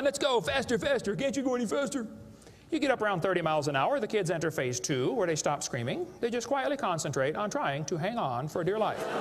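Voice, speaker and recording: A man with a high voice gives a joking, emphatic lecture to a live crowd. His stage-mic voice rings with a long hall echo. Faint noise hums underneath. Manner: joking, emphatic storyteller who plays to the crowd. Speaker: creationist speaker. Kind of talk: live seminar lecture to an audience. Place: large hall with a live audience.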